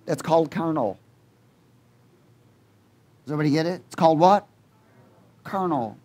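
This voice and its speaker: Male preacher, high pitch, call-and-response sermon, loud exhortation and soft asides. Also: animated, moderate pace, pauses often. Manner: swings between loud exhortation and quiet asides.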